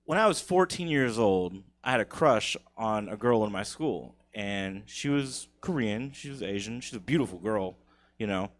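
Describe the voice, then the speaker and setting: A man's voice: fairly low pitch, animated, normal speed. A man in his thirties doing a crude, profane stand-up comedy set on a theater stage, laughing at his own jokes.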